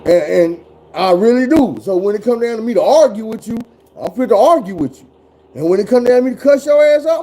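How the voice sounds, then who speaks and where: A man's voice: very high voice, warm tone, poor audio. A man in his forties telling stories in casual chat, blunt and full of cursing. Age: 40s. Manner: profane, blunt, drawling storyteller.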